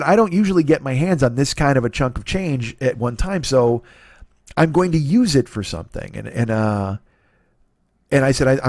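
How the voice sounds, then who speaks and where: A man in his forties hosting a solo comedy podcast, talking in a profane, rambling, self-deprecating monologue and acting out quoted voices with sudden pitch jumps. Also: dry recording, studio quality. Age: 40s. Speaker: podcast host.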